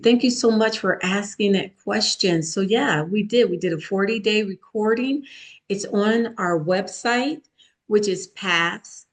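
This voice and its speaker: A woman author and meditation guide, a podcast guest, talking in a soothing, reassuring, deliberate way. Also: mid-range voice. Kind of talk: interview guest.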